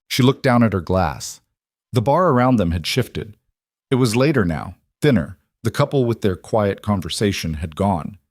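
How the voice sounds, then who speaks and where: Male audiobook narrator, low and steady, dry studio sound. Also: no echo.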